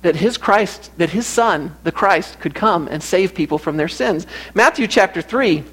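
A man's voice: high-pitched, animated, measured pace, a bit bright, slightly rough. A man preaching a sermon in an earnest way, often repeating phrases for emphasis.

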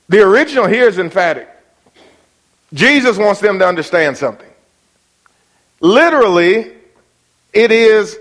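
A male pastor preaching a sermon in a church. He moves between quiet asides to the congregation and emphatic, near-shouting declarations. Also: a little high. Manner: talks to the congregation and the tech operator by name. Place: church sanctuary.

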